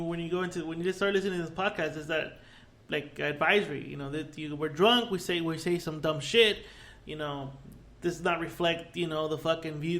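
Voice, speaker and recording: A relaxed man with a slightly high voice chats on a casual podcast. He swears freely and often loses his thread, then picks it back up. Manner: laid-back, swearing, trails off mid-thought. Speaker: podcast co-host. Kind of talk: casual drunk podcast chat.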